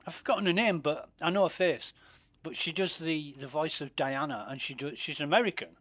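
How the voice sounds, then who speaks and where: A man's voice: fairly high pitch, brisk, fairly bright tone. Sweary, chatty male game streamer. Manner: chatty, sweary, mutters asides under his breath. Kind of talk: casual gameplay commentary.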